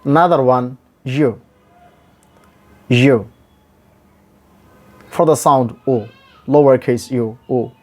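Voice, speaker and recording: A man teaching English pronunciation, spelling words out letter by letter and repeating each one with careful, drawn-out syllables. His first language is Bengali. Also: mid-range voice, a little mellow. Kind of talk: slow, deliberate pronunciation lesson.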